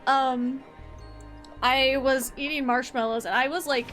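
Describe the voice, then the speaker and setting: A young American woman rambles casually to her viewers while she plays, tossing in "like" at every turn. Her voice sits high, and the talk wanders loosely from thought to thought. Faint music plays under her. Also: fairly even intonation, measured pace, fairly bright tone. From United States. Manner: rambling and chatty, heavy on fillers like "like". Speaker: game streamer. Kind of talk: casual chat while gaming.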